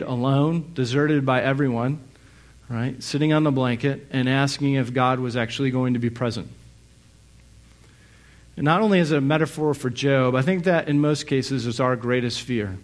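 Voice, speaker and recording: A middle-aged male pastor preaching a sermon, reflective and searching, who asks many rhetorical questions and pauses on fillers. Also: mid-range voice.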